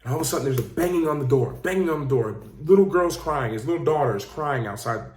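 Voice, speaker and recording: A man's voice: on the high side, expressive, fast, darkish tone. A man, a life coach and host, giving an earnest motivational talk with emphatic, repeated phrases. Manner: earnest, emphatic storytelling with repetition. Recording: roomy echo.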